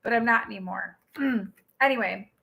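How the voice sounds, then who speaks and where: A woman tarot reader hosts a live stream, talking in a lively, chatty way and answering her viewers as she goes. Her voice sits high and sounds bright and forceful. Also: moderate pace, gravelly. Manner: chatty and animated, reads out and answers viewer comments.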